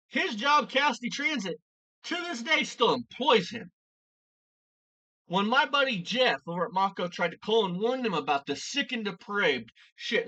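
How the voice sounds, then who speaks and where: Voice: medium pitch, pushed and bright, distant mic. A vlogger delivering an angry, profane commentary rant, hurling insults and repeating lines for emphasis.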